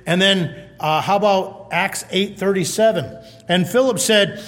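Male pastor, high voice, chatty animated sermon, long hall reverb. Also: measured pace. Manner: conversational, animated, reads scripture aloud.

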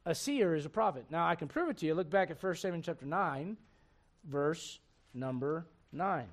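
A male pastor preaching at a midweek Bible study, raised in a Spanish-speaking home, getting animated on his points and reading scripture aloud. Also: a little high, quick pace. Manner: animated, rising and loud on emphatic points, reads scripture aloud.

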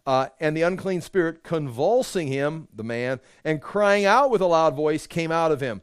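A man preaching as a pastor, explaining scripture in a conversational, animated way with frequent restarts. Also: fairly high pitch, normal speed, smooth, no room sound, clean studio sound. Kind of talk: Bible study sermon.

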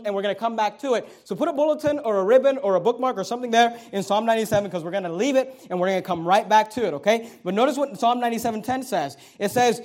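Middle-aged pastor guy preaching, high-pitched voice, keeps repeating his point, chatty asides to the church. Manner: emphatic preaching with repeated phrases and asides to the congregation. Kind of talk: sermon.

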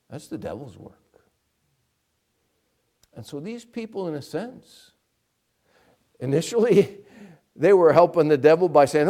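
Animated, earnest male pastor preaching. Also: a little high, a little slow, long pauses. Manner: earnest, emphatic preaching with direct questions to the congregation. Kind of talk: sermon.

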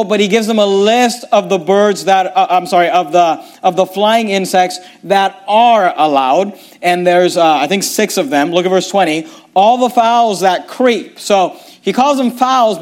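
Guy with a high voice preaching through bible verses, reads them out, stumbles and restarts a lot. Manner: reads scripture aloud, restarts and stumbles often. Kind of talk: bible teaching sermon.

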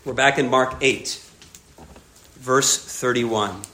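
A man preaching a sermon, emphatic, repeating key phrases and dropping soft on grave points. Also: mid-range voice, slow pace, roomy sound. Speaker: pastor.

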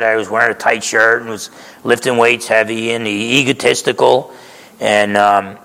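A man's voice: on the low side, sharp tone. A man in his sixties from New Jersey, preaching a conversational, emphatic sermon as a pastor. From New Jersey, USA. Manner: conversational, emphatic, keeps asking "okay?". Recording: reverberant hall.

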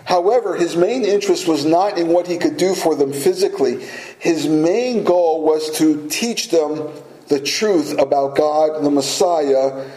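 A man's voice: a little high, warm tone. A man preaching a sermon, telling a personal story with small laughs and restarts before coming back to the scripture. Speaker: pastor. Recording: echoey room.

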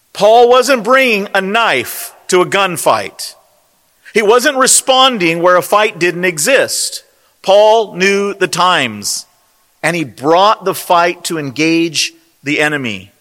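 A man preaches in an emphatic, rhetorical style, his high, bright voice swinging widely in pitch. He takes his time, stressing single words one by one. A long hall reverb trails every phrase. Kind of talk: sermon. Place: convention hall.

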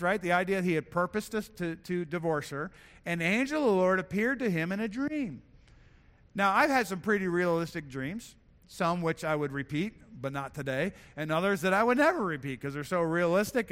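A man's voice: high voice, fairly bright tone, big-room sound. A man preaching a sermon, earnest and conversational, often restarting and repeating words as he builds his point. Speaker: pastor.

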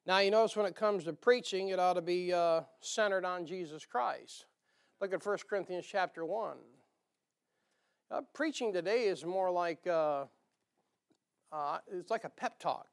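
A man's voice: high-pitched, a little slow, clean tone. A man with a northern US accent preaching a sermon in a church, in a folksy, rambling way with jokey asides and a nasal twang. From northern United States.

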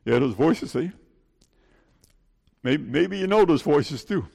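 A man's voice: on the high side, lively intonation, slow, vocal fry, darkish tone, long reverb tail. A male pastor preaching an earnest sermon, pleading and putting questions to his congregation. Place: church.

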